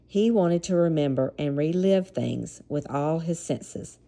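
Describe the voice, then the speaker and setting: A woman's voice: low voice, unhurried, mellow. A woman with a Southern American accent reading a memoir aloud and dropping casual, chuckling asides between passages. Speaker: reader.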